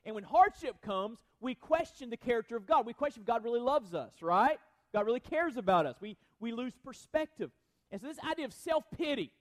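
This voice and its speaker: Guy with a high voice preaching, earnest, chatty, keeps restarting his words. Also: big pitch swings, brisk. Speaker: pastor. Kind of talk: sermon.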